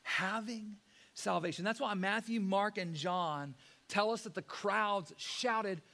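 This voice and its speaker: High-voiced preaching man. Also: slow pace. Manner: preaching with sudden loud rises and soft drops; conversational, addresses listeners as guys. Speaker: pastor. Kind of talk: sermon.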